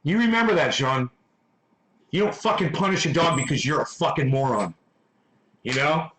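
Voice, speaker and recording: A man hosting a livestream, ranting at his chat with constant swearing. His voice sits high and swings widely in pitch. The sound is echoey, as if from a bare room. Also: expressive, normal speed, a bit bright. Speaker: livestream host reading chat. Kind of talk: casual livestream rant.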